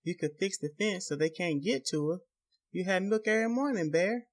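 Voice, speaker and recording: A man reading a novel aloud, voicing a timid young rural wife who pleads softly in country dialect. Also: medium pitch, fairly even intonation, moderate pace, lightly acted. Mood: fearful.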